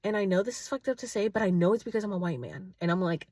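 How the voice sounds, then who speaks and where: A woman in her late thirties, casually telling a story to her followers, animated and chatty, acting out both sides of a conversation. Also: medium pitch, very fast, dry recording, studio quality. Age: 30s. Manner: chatty, animated retelling with quoted dialogue. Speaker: vlogger. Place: at home, indoors.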